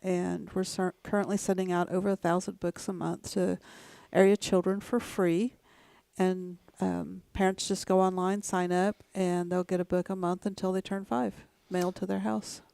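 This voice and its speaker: A woman, a talk show guest speaking in a relaxed, hesitant way. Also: on the low side, normal speed, gravelly, no echo. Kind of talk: casual chat.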